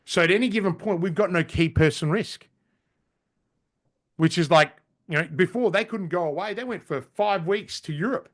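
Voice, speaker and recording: A middle-aged man with an Australian accent talks in a slightly high voice. He sounds casual and blunt, swears without holding back, and often breaks off and restarts his sentences. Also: moderate pace, a bit bright. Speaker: podcast guest, business strategist. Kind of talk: casual interview storytelling.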